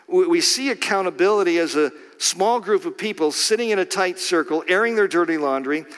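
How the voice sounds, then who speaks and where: Emphatic male preacher in a reverberant hall. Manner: dramatic swings from low hush to shouting, slow emphatic phrasing. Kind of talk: sermon.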